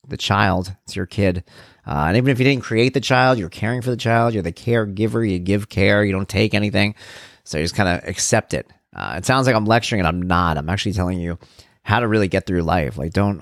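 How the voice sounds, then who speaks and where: Man, podcast host, casual monologue, quick rambling delivery, self-deprecating. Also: low-pitched, no room sound, clean studio sound. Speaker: podcast host and parenting blogger.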